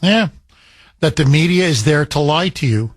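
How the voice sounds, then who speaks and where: A male talk radio host with a high, lively voice that swings up and down as he pushes his points. He is combative and repetitive. His sound is dry and close. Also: normal speed, no room sound.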